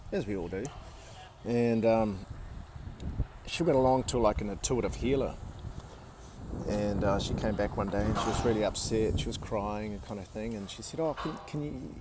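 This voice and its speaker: A man's voice: on the low side, background noise. Candid man in his forties telling a story. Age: 40s. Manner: candid, swears freely, many fillers. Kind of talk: casual personal storytelling.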